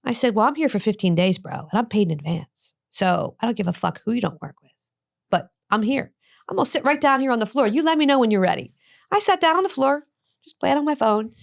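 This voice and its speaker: A woman's voice: fairly high pitch, expressive, quick pace, gravelly. A middle-aged woman, an addiction specialist, telling a story in an interview, acting out both sides of the dialogue with blunt, cursing energy.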